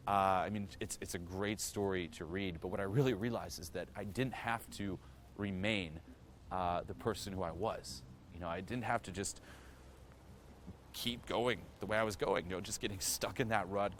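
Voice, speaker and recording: A self-improvement vlogger with a low voice tells his own story straight to camera, frank and earnest, swearing freely and leaning heavily on "you know." There's slight background noise in the recording.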